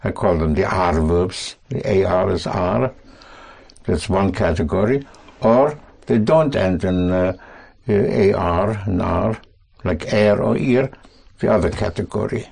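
A man teaching a language lesson to students, speaking slowly and patiently, prompting and correcting them. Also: low voice, vocal fry, darkish tone. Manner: slow, patient, reassuring, repeats and corrects.

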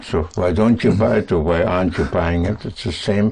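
A man teaching a language lesson to students, speaking slowly and patiently, prompting and correcting them. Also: deep voice, creaky, darkish tone, slightly rough. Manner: slow, patient, reassuring, repeats and corrects.

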